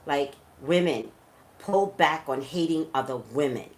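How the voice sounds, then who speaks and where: A woman's voice: deep voice, lively intonation, unhurried, darkish tone. A woman, a psychic reader, talking emphatically straight to her viewers in casual live-stream commentary.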